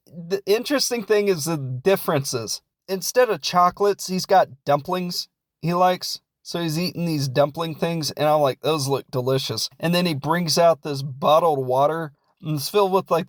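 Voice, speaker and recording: A man's voice: a little high, no echo, studio quality. A man with a Midwestern American accent, hosting a podcast and recapping a film in a rambling, jokey, self-deprecating way. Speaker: podcast host. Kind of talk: casual comedic film recap.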